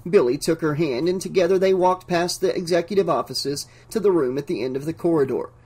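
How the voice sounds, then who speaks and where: A man narrating an audiobook in a measured, even storytelling manner. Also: on the high side, slightly rough.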